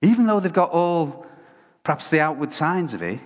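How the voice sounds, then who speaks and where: A man's voice: on the high side, moderate pace. A man preaching a conversational sermon, telling stories with lots of restarts. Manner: animated storytelling with frequent restarts. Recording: long hall reverb.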